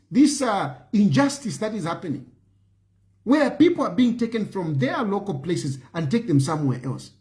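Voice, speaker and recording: A man's voice: sits high, darkish tone. A man with a Zambian accent making an impassioned, pleading appeal to viewers as a political commentator, often repeating phrases for emphasis. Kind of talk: impassioned appeal to an online audience.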